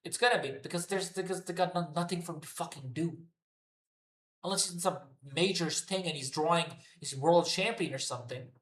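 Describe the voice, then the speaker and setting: Male reviewer, slightly high voice, profane fed-up ranter, echoey room. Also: fairly quick, fairly bright tone. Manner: profane, exasperated ranting. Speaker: wrestling show reviewer. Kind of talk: unscripted solo rant review.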